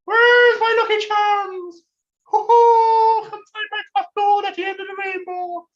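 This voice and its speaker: A man voicing a manic, cheerful male leprechaun with an Irish accent, whooping and shouting. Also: extremely high pitch, fairly even intonation, unhurried, highs cut off, voice pushed up. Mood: manic glee.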